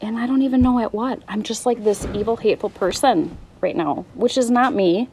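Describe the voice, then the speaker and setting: A woman's voice: a little high, brisk, warm tone, a little hiss or hum. A woman in her thirties talking candidly in a personal vlog, weary and struggling, rambling and trailing off mid-thought. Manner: raw, rambling, restarts and trails off. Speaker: vlogger.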